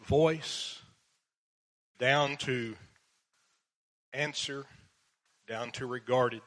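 A man of middle pitch gives an earnest verse-by-verse sermon in a church. He stresses key words with force and reads scripture in old King James English. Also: unhurried, a bit bright. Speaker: preacher and Bible teacher.

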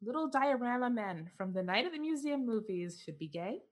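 Chatty young woman podcast co-host. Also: fairly high pitch. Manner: animated, quick to laugh, lots of fillers. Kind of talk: casual chat.

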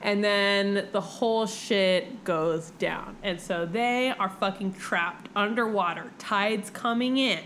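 Animated, swearing young woman chatting. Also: medium pitch, a little hiss or hum, low-quality recording. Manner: animated, swears freely, acts out characters in quick voices. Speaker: podcast co-host. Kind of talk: casual book-discussion chat.

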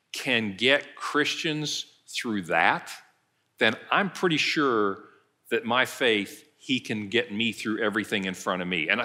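Male pastor, middle-aged, preaching, storytelling, bright voice, animated delivery. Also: lowish voice. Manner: animated storytelling, acting out quoted lines. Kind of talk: sermon, retelling a story.

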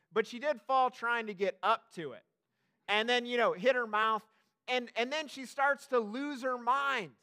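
A man's voice: very high-pitched, sharp tone, smooth. A young adult man preaching a sermon as pastor, chatty and self-deprecating, with many fillers and restarts.

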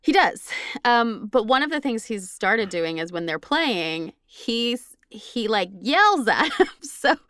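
Lively bright woman chatting. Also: fairly high pitch, slow, dry recording, clean studio sound. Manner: chatty, laughs often, swears. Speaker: podcast co-host. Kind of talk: casual chat.

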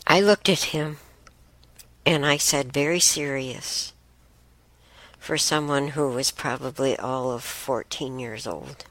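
A middle-aged woman telling rambling personal stories in a casual, unhurried way, with fillers and restarts. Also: a bass voice, a bit bright, dry recording. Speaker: host. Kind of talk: casual storytelling.

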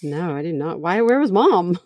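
Lively woman co-host. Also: lowish voice, moderate pace, no room sound, clean studio sound. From Texas. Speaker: podcast co-host. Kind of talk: casual chat.

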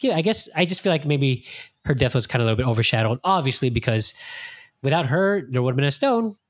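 A man's voice: medium pitch, quick pace, dry recording. Podcast host guy, mid voice, swears a lot, acts out his reactions, dry close sound. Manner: animated and profane, acting out his own reactions. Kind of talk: casual chat.

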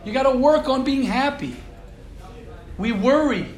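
A man's voice: very high voice, unhurried, reverberant, low-quality recording. A man giving an informal morning sermon to a small group of young men, repeating his points and asking them questions. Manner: repetitive, emphatic, coaxing questions to listeners. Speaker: rabbi giving a morning class. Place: room with a small live group.

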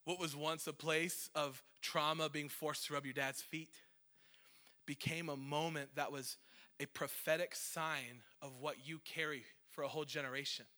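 A man's voice: on the high side, steady tone, moderate pace, sharp tone. A man in his thirties, a worship leader, preaching a conversational, emotional sermon with self-deprecating asides.

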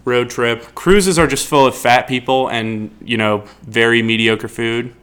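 A man's voice: medium pitch, fairly even intonation, unhurried, a bit bright, clean tone. Crude joking man riffing casually. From United States. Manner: crude, riffing, jokey storytelling. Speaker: podcast host. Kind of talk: casual comedic chat.

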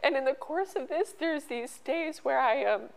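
A middle-aged woman telling a personal story as an interview guest, halting and emotional, with many restarts. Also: high-pitched, expressive, creaky, poor audio. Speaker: podcast guest.

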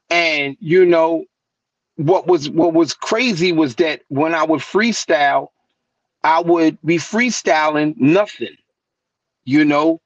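A man tells his stories in a lively way, higher-pitched than most men, and jumps up in pitch whenever he quotes someone. His voice comes through a dull, lo-fi web call with a dry, close sound. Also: no room sound. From New York. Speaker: guest rapper. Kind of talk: casual storytelling interview. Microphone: remote call mic.

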